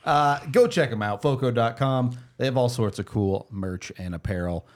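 Man reading podcast ads. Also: mid-range voice. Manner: laughs often, brisk ad reads. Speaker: podcast host. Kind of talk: casual sports chat with ad reads.

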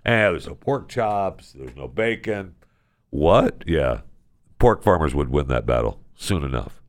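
Ranting man host with a deep voice. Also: expressive, unhurried, dry recording. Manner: mock-outraged ranting, sarcastic. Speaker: podcast host. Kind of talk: casual comedic monologue.

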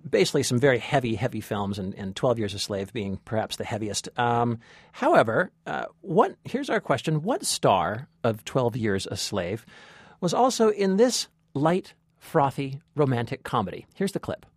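A man's voice: medium pitch, sing-song, moderate pace, breathy edge, no room sound, clean studio sound. A man co-hosting a movie podcast, chatting casually with many restarts and laughs. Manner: hesitant restarts, laughs often. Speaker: podcast co-host.

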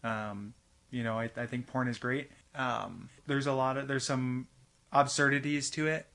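Podcast host, young adult man, mid-pitched, rambling solo monologue full of fillers and restarts. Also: level tone, measured pace, vocal fry, sharp tone. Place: home studio with his cat.

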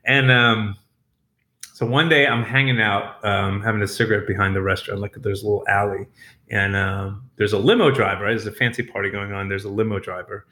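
A chef from New York telling stories in a casual interview, animated and laughing, with frequent restarts. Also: male voice, lowish voice, brisk.

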